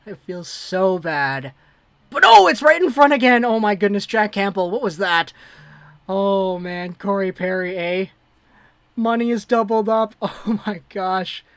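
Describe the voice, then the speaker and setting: A woman hosting a fan livestream, giving live play-by-play that swings between hushed worry and excited shouting. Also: medium pitch, dry recording. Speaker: livestream host.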